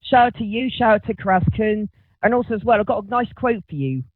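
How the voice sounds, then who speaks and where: A man's voice: high-pitched, animated, fairly quick, dry recording. A man calling in to a radio show, greeting the host in a friendly way. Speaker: caller. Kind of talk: phone-in call. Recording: tinny dry phone line.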